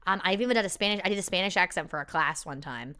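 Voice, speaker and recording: A woman answers viewer questions in loose, easygoing chat. Her voice is bright and smooth. She rambles, restarts sentences, leans on fillers and laughs often. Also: fairly low pitch, rapid-fire. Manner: laughs easily. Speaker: performer hosting a live Q&A.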